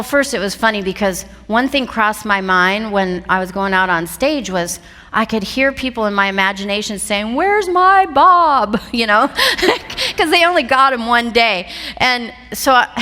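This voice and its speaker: Woman, seminar speaker, bright sharp voice, animated storytelling, long hall reverb. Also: mid-range voice. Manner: animated, laughs through her own story. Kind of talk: storytelling talk to a live audience.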